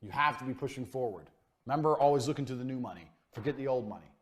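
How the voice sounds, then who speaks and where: A man lecturing on business with swaggering, emphatic confidence, in clipped, punchy sentences peppered with casual swearing. His voice sits at an ordinary male pitch and tends to drop quiet as each phrase ends. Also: expressive, fast. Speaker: course instructor. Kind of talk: blunt motivational business lecture.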